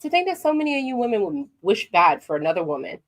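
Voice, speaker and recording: Her voice sits at a medium pitch and she talks fast. The sassy New Yorker, a commentary vlogger, addresses viewers head-on with animated, opinionated remarks.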